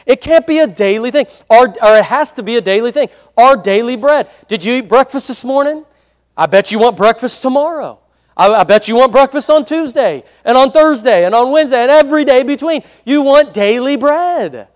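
A man's voice: extremely high pitch, animated, normal speed. A male pastor preaching a sermon in a conversational way, often asking for an amen. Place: church hall. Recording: long hall reverb.

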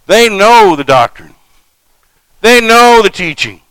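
A male preacher reads scripture aloud and breaks off into folksy, humorous asides. His voice is bright and clear, and it sits somewhat high for a man. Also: animated, takes it slowly, no echo, rough recording. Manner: folksy, jokey asides between scripture reading. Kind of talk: sermon.

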